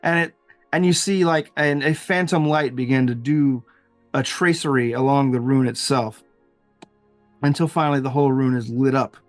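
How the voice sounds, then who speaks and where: A man's voice: mid-range voice, fairly even intonation, moderate pace, no room sound, faint music behind. A man narrating as game master of a tabletop game, rambling with fillers and frequent laughs.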